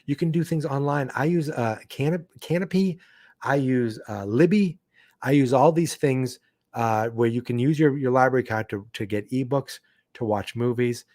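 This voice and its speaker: A man's voice: mid-range voice, moderate pace, darkish tone, no room sound, studio quality. A man hosting a live book-club podcast, reading a comic aloud and breaking off for chatty asides. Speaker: podcast host.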